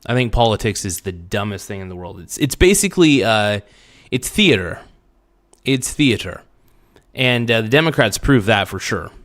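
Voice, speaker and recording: A young man hosting a livestream rants bluntly and profanely at his chat, restarting his sentences often. His voice is lowish, animated and a bit bright, at a normal speed.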